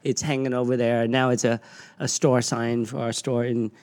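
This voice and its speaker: A middle-aged podcast host tells stories with a lot of energy. He swears freely and laughs along with his own anecdotes. His voice sits in a plain middle pitch. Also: little pitch movement, normal speed, darkish tone. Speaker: podcast host and gym owner. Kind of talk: casual storytelling.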